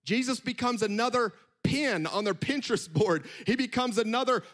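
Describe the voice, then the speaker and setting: A man preaching a sermon in an animated, conversational way, with quick asides. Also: very high voice.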